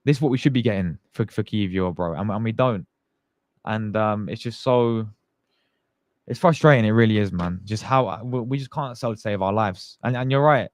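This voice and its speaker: A man's voice: on the low side, normal speed, no room sound, clean studio sound. A young man hosting a live fan stream, chatting casually and greeting viewers by name in slangy talk. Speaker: fan channel host.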